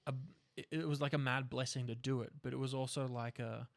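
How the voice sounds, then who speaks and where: A man's voice: medium pitch, fairly even intonation, brisk, gravelly. A young Australian man telling stories in a casual conversation, candid and swearing freely. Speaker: podcast co-host, actor.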